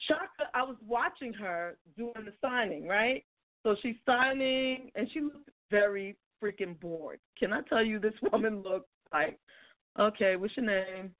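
Lively laughing woman telling a story. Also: a little high, phone-quality sound. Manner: animated, self-mocking storyteller who laughs often. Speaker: co-host. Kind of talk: casual storytelling chat.

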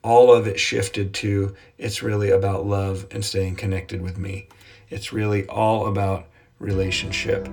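A man teaching a devotional Bible lesson, earnest and repetitive, slowing down to quote scripture. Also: fairly low pitch, flat delivery, music in the background.

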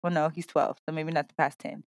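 A woman's voice: sits low, fairly even intonation, brisk, no echo. A woman in her thirties co-hosting a podcast in casual chat, blunt and profane, repeating phrases for emphasis. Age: 30s. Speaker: podcast co-host.

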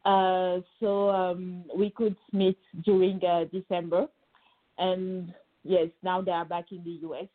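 A woman's voice: lowish voice, flat delivery. French-accented woman on a thin line. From France. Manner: halting, many fillers and restarts. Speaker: guest. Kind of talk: remote interview. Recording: phone-like narrow sound.

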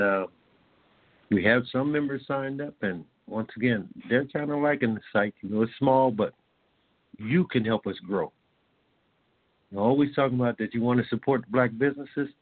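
A man from Indiana hosting a talk-radio show in a casual, rambling way, full of fillers. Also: on the low side. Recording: tinny phone-line sound.

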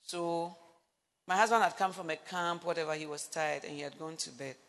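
Middle-aged woman preacher, bright forceful voice, animated storytelling, long hall echo. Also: low-pitched, normal speed, creaky. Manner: animated storytelling, acts out dialogue, breaks into laughs. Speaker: preacher speaking on marriage. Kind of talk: sermon.

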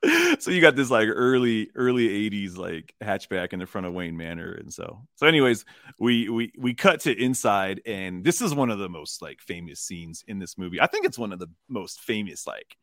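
A man co-hosting a casual film discussion podcast, rambling and animated, acting out lines from scenes. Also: lowish voice, normal speed, dry recording, clean studio sound. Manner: rambling, animated, acts out character lines in funny voices. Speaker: podcast co-host.

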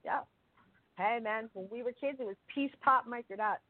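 A man co-hosting a podcast in casual chat, excitable and playful, with a stuffy nose that makes him sound nasal. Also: extremely high pitch, dry recording. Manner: excitable, playful, quick to interject. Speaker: podcast co-host. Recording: tinny phone-line sound.

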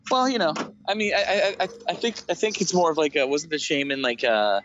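A man's voice: fairly high pitch, fairly quick, fairly bright tone, a little hiss or hum. A man co-hosting a podcast, chatting casually about a film, agreeable and jokey, with frequent laughs. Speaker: podcast co-host. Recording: dry, dull lo-fi mic.

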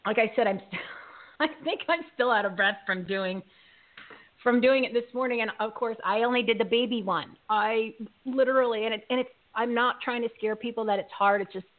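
A woman in her late forties hosting a live show, chatty and excitable, laughing often. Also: a little high, fairly quick. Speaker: host. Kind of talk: casual live show chat. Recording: tinny phone-like line.

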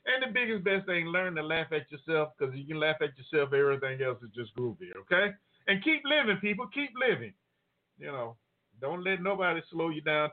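A male call-in show host wrapping up his episode in a relaxed, chatty way, laughing easily as he thanks his listeners. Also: a little high. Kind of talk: casual show sign-off. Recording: tinny phone-line audio.

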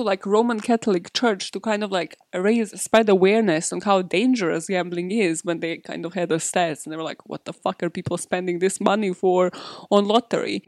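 A woman at a mid pitch hosts a comedic true-crime podcast, mixing the story with sarcastic asides and bursts of laughter. Her voice sits dry and close, with no room around it. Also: no room sound. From Serbia. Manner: sarcastic, laughing often, swearing, animated asides. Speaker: podcast host.

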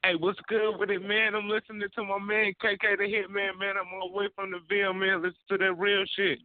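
Hyped high-voiced male caller. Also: flat delivery, brisk, dry recording. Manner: hyped, says "man" constantly. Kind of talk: casual phone call to a radio show. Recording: tinny phone line.

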